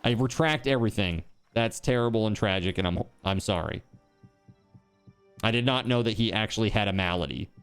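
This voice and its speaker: A man's voice: on the low side, brisk, clean tone, soft background music. A man streaming a game, chatting casually in a rambling, joking way, swearing now and then and packing his talk with fillers.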